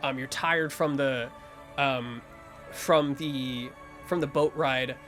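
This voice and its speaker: A man's voice: mid-range voice, steady tone, slow pace, fairly bright tone, soft background music. A man narrating as game master of a tabletop game, improvising with lots of fillers and restarts.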